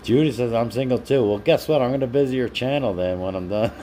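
A man's voice: mid-range voice, fast talker, dark tone, a little hiss or hum. Chatty live-streaming man reading comments. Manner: chatty, laughs often, talks to viewers by name. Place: home.

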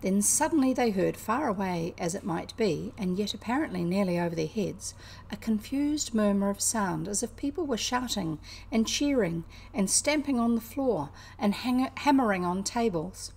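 New Zealand woman reading aloud, creaky. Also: medium pitch. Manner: unhurried, expressive storytelling. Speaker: reader. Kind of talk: reading a classic children's novel aloud.

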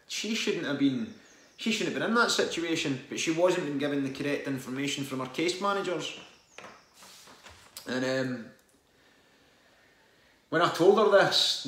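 A man's voice: fairly high pitch, a bit bright, roomy sound. A man from the UK, a former benefits call-centre agent, telling stories in an earnest, rambling way with many false starts. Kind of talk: casual storytelling monologue.

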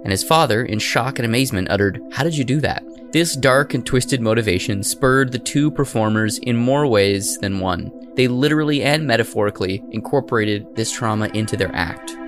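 A man's voice: mid-range voice, fairly quick, few pauses, faint music behind. A man co-hosting a podcast, talking casually with lots of fillers and the odd swear, and reading out narration. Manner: rambling, swears, laughs easily. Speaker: podcast co-host. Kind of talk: casual chat and read narration.

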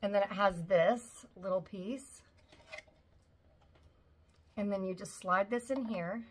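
A woman's voice: medium pitch, slow, husky. A woman in her forties chatting casually at home as she unboxes a shopping haul, gushing over each item. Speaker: vlogger.

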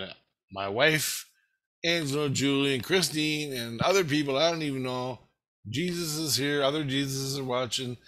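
A man speaks in a bright, forceful voice, telling a story casually and at length. His delivery rambles and is excitable and full of profanity, at a middle pitch. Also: poor audio.

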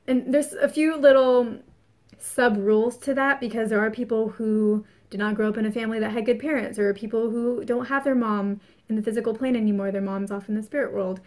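A woman giving a casual spoken astrology forecast, chatty and earnest, repeating phrases for emphasis. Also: on the high side. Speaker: spiritual reader.

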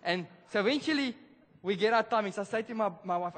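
A man preaching a sermon, telling a story in a lively, casual way with slang. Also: high voice, fast, few pauses, slight background noise. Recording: reverberant church hall.

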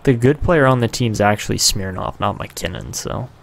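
Young dude w a low gravelly voice, casual gaming commentary, gets annoyed and cusses a lot. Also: male voice, normal speed. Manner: frustrated, swears at the game. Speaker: gaming YouTuber.

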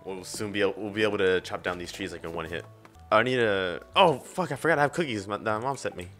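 A young man playing a farming game with a friend, excitable, laughing often and swearing. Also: fairly low pitch, quick pace, faint music behind. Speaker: co-op gamer. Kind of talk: casual let's-play banter.

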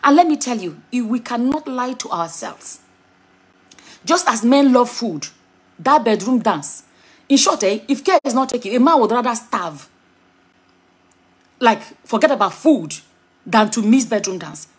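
Middle-aged Nigerian woman vlogger, husky and a touch high, frank, chatty, digressive. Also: lively intonation, measured pace, long pauses. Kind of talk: casual commentary to camera.

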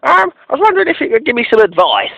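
A man's voice: extremely high pitch, huge pitch swings, gravelly, pushed and bright, slightly rough, no echo, full character voice, poor audio. A man playing a bumbling, oblivious prank caller who stammers and restarts his sentences with a straight face. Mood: deadpan. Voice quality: halting, stammering delivery. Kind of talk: deadpan prank phone call.

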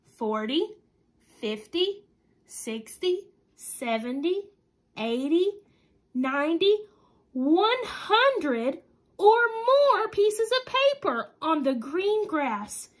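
A woman reading a children's storybook aloud, slow and deliberate. Her high voice swoops up and down in a sing-song way to keep young listeners with her. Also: big pitch swings. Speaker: storybook reader.

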